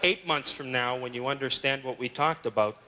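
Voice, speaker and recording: A middle-aged man with a medium-pitched voice, talking a little fast, hosts a stand-up show and banters sarcastically with the crowd. He's on a comedy club stage, and loud live laughter and crowd noise surround him.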